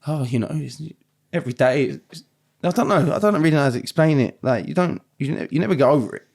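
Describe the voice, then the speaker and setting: A man, a podcast guest, talking in a halting, tearful way that trails off into near-silence. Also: on the high side, animated, a little mellow. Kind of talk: emotional podcast conversation.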